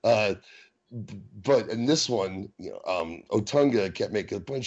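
A man co-hosting a casual wrestling podcast, animated, acting out quotes and laughing often. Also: fairly low pitch, moderate pace. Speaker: podcast co-host. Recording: dull, lo-fi audio.

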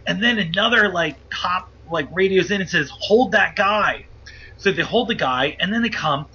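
A man telling a wild story as a guest, animated and profane, acting out the voices of the people in it. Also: sits high, normal speed, husky. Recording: muffled lo-fi audio.

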